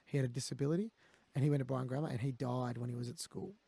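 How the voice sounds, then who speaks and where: A man's voice: medium pitch, racing, vocal fry, warm tone, husky. An Australian man telling candid stories as a guest in a conversation, blunt and peppered with swearing. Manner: blunt, swears, quotes others.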